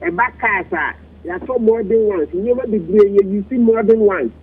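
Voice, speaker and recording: A man with a Ghanaian accent, speaking as a commentator in a heated radio talk discussion, switching between languages with wide swings in pitch. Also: moderate pace, husky. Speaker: political commentator. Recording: lo-fi radio broadcast.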